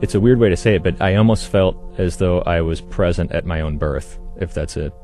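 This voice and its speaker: A man's voice: low voice, a little fast, warm tone, faint music behind. A man recalling personal memories as an interview guest, thoughtful and hesitant, with frequent ums.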